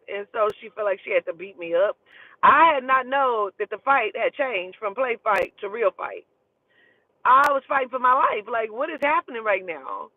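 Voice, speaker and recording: A man from Oklahoma telling animated, profane stories in a casual way, often calling the listener "child". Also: high voice, no room sound. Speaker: storyteller. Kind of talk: casual storytelling. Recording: dry tinny phone-like sound.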